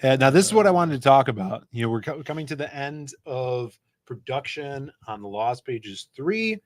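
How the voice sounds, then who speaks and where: A man co-hosts a laid-back comics chat, reading viewer posts and setting up the next segment. His pitch is middling. The sound is dry and close. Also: big pitch swings, normal speed, dry recording. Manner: reads tweets and chat aloud, steers the topics. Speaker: co-host of comics channel. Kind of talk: casual chat. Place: office.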